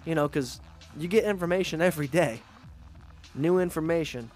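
A man hosting a podcast, ranting in a casual, profane, animated way and mocking others with put-on voices. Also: on the high side, moderate pace, soft background music. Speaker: podcast host. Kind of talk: casual rant.

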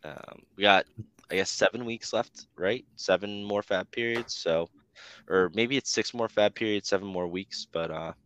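A man's voice: fairly low pitch, moderate pace, fairly bright tone, a little hiss or hum. A man co-hosting a podcast who talks steadily through figures with frequent fillers, on slightly dull lo-fi audio. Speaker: podcast co-host. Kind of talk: casual podcast chat.

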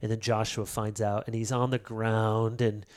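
A man as an interview guest, talking about prayer in a lively storytelling way and acting out quoted lines. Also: on the low side, moderate pace. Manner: animated storyteller, acts out quotes. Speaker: author and pastor guest. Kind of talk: casual interview talk.

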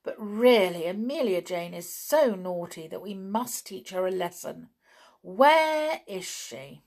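A woman's voice: mid-range voice, lively intonation, takes it slowly, darkish tone. A woman voicing a clever, stern male toy clown in a storybook reading, fierce and scolding.

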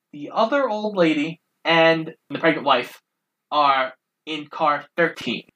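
Brief: man co-host, somewhat high and bright, narrating the plot in a casual way. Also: rough recording. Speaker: podcast co-host. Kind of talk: casual movie recap chat.

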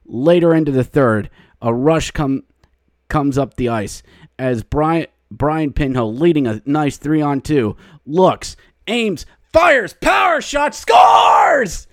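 A male podcast host recapping a hockey game, slipping into excited play-by-play calls and shouting at the goals. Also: mid-range voice, slow pace, no room sound, clean studio sound.

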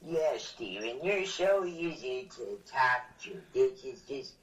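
A man calling in to a podcast, speaking in a hesitant, halting, awkward way. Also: medium pitch, lively intonation, a bit bright. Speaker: caller. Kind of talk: casual chat.

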